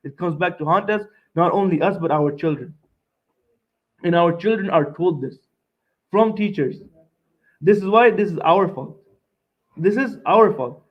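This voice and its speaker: A young man lectures a seminar audience in a fairly high voice, pressing each point and circling back to repeat it. He keeps checking in with a quick "right?" between lines. The recording is dull and lo-fi. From Montreal, Canada.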